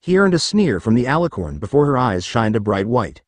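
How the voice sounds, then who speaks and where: A man reading a fan story aloud as scripted narration, with an expressive delivery. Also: mid-range voice, fairly quick, dry recording. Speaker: story reader.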